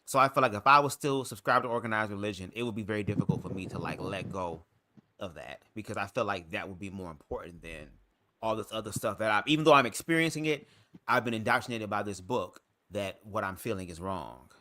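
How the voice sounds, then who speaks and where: A man's voice: lowish voice, quick pace, sharp tone, slight background noise. A man on a live panel, answering in a reflective way while searching for his words. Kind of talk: casual panel discussion.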